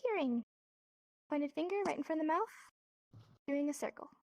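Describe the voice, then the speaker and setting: A woman's voice: sits high, expressive, normal speed, darkish tone, no echo. A woman teaching a sign language class, patiently repeating each word and explaining each hand motion step by step. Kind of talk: instructional lesson. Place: virtual reality social space.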